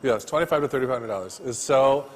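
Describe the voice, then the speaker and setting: Animated man teaching in a reverberant classroom. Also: medium pitch, quick pace. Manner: animated storyteller, loud bursts then quiet asides. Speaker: floral design instructor.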